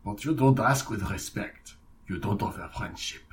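A man doing a mock French accent as a soft-spoken, menacing godfather of a French mafia. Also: lowish voice, moderate pace, distant mic, close to an everyday voice. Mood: mock solemn. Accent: put-on French.

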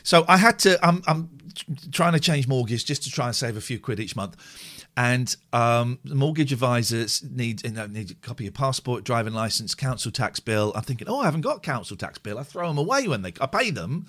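Animated man chatting on a stream. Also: mid-range voice, brisk. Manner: animated, chatty, with many restarts. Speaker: live stream host. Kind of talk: casual chat and storytelling on a live stream.

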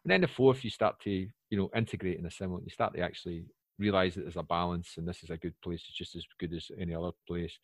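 British male, 40s, fast rambling anecdote-teller, husky low voice, dry close sound. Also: no echo. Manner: rambling, animated storyteller with many fillers. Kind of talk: casual chat. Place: lives in Poland.

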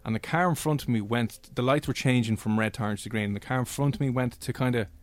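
A man with an Irish accent hosting a radio show, telling stories in a quick, joking way. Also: mid-range voice, no echo. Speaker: radio host. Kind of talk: casual radio chat.

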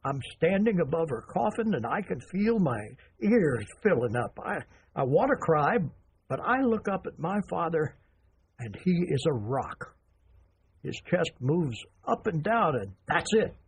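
A stern old grandfather, played by a man, speaks in a raspy voice that rises and falls a lot. He sets rules in a firm, lecturing tone, pausing and restarting as he goes. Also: on the high side, big pitch swings, full character voice. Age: older. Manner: halting, then firm and lecturing.

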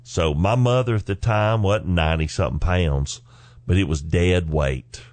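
A man in his forties with a fairly low voice tells family stories in a folksy, lively manner, chuckling now and then. He is recorded on a close microphone in a dry, dead space. The delivery feels like an easygoing podcast host talking straight to the listener. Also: normal speed, no room sound. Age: 40s. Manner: folksy, animated storyteller who chuckles between lines. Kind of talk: personal storytelling.

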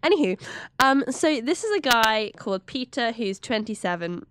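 A woman co-hosts a podcast in a chatty, joking ramble, her nose stuffed up from the flu. Her voice stays smooth and clear despite it, recorded dry and close. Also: a little high, animated, moderate pace, a bit bright, no echo. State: congested from flu. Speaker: podcast co-host. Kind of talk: casual chat.

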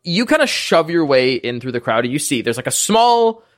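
Lively man narrating as game master. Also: fairly high pitch, normal speed. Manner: casual, filler-heavy narration with many "like"s.

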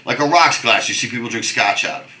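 A middle-aged man telling stories in casual chat, animated, swearing and restarting his sentences. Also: medium pitch, fast, reverberant, poor audio. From New York. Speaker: guest.

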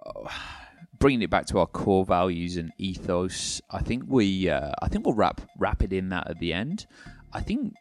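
A man's voice: low voice, big pitch swings, moderate pace, hardly any pauses, soft background music. A man co-hosting a podcast, chatting casually and sarcastically, rambling with many restarts. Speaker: podcast co-host. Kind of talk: casual chat.

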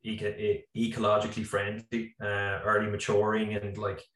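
A man's voice: fairly low pitch, moderate pace. An Irish man in his thirties, a farmer and business founder, talking casually on a video call with lots of fillers. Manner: relaxed, rambling, many fillers. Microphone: computer mic on video call. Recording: echoey room, slightly distant mic.

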